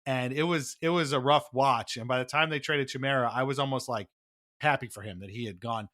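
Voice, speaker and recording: Bright-voiced wry male podcast host. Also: mid-range voice, brisk. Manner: laughs easily, wry and storytelling. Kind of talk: casual chat.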